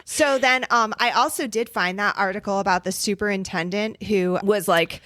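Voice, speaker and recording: A woman's voice: medium pitch, normal speed, a bit bright, no room sound, studio quality. Woman casually telling old local stories. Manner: rambling storyteller, reads old articles aloud. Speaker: podcast co-host. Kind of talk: casual chat.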